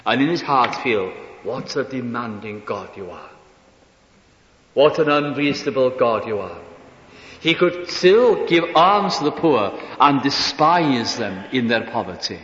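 A man preaching a sermon earnestly, asking rhetorical questions and dropping into soft asides. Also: mid-range voice. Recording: dull echoey hall recording.

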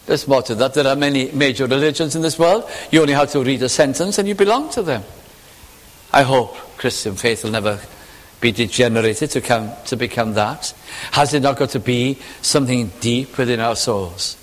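A man preaching a sermon, earnest and reflective, building to emphatic questions. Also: medium pitch. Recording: long hall reverb.

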